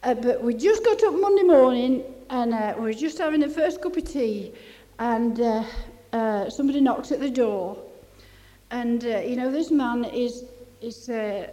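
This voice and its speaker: An older woman, preaching a testimony sermon, rambling and halting, then rising to fervent exclamations. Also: on the high side, dark tone. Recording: long hall reverb.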